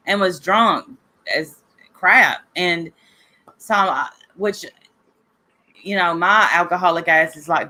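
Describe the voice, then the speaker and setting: A woman with a fairly low, pushed and bright voice hosts a casual talk show as a podcast host. Sick and coughing, she rambles and gossips in a chatty way, speaking directly to listeners.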